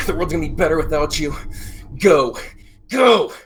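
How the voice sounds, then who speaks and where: A man putting on a hateful, unhinged killer who spits his words in a hissing half-whisper, pitched well above his usual voice. The figure sounds venomous and climbs toward shouts. Faint music plays behind him. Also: animated, slow pace.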